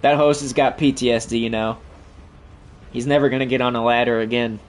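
A man's voice: mid-range voice, fairly even intonation, brisk. Profane trash-talking male gamer. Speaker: gaming channel host. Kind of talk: gameplay commentary.

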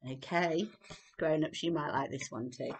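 A playgroup leader reading a picture book aloud to young children, gentle and animated with soft whispered asides. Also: female voice, low-pitched, moderate pace.

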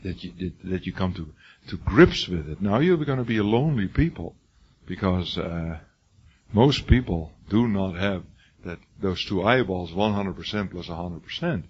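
An older man with a raw, hoarse voice lectures a class in an emphatic, repetitive way, restarting his sentences often. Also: deep voice, lively intonation, moderate pace. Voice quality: husky. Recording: dull lo-fi classroom recording.

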